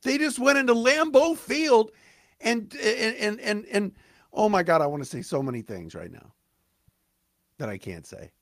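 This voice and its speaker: A man hosting a sports podcast, ranting excitedly with stumbling restarts, his voice cracking. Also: high voice, no room sound, clean studio sound. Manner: fired-up, rapid, stumbling restarts.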